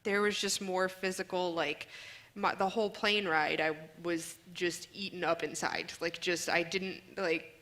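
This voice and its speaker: A young woman sharing a personal testimony in casual conversation, earnest and halting with many fillers. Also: on the low side, fairly even intonation, a bit bright. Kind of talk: casual church talk show chat.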